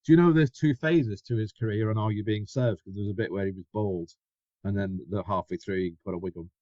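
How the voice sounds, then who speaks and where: A man's voice: fairly low pitch, fairly quick, dark tone, no echo. A man co-hosting a casual podcast, bantering with dry, teasing remarks. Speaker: podcast co-host. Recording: dry, dull lo-fi audio.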